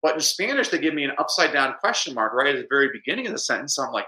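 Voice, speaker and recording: Bright-voiced teacher in an echoey room. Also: male voice, rapid-fire, hardly any pauses. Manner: animated, explanatory, mimics Spanish with exaggerated pitch. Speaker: educator guest. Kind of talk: conversational interview.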